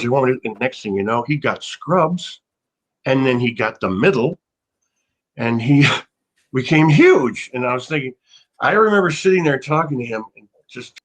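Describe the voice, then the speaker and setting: An American man, an actor guest in a casual interview, telling rambling, self-mocking stories with bursts of loud laughter. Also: mid-range voice, husky, poor audio.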